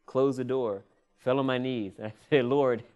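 Animated preacher man telling a story. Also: medium pitch, moderate pace, dull audio, slight background noise. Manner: animated, laughing, call-and-response "Amen". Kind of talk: storytelling sermon.

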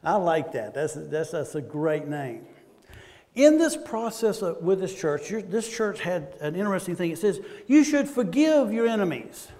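A man with a Southern American accent preaches in a casual, questioning way, pulling the congregation in as he goes. His voice sits high for a man. It carries with a long reverb through a church hall. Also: sing-song, normal speed, a little mellow. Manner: conversational, asks the congregation questions. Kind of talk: sermon.

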